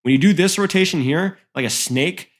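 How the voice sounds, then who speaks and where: Man, esports coach, fairly high voice, blunt emphatic match breakdown, repeats himself. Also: normal speed. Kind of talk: analytical game review.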